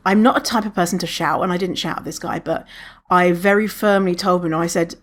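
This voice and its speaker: A woman's voice: lowish voice, steady tone, moderate pace. Woman podcasting solo, chatty and candid, swears a lot, just talking it through. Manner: chatty and candid, swears freely, laughs mid-sentence. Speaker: podcast host. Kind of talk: casual storytelling monologue.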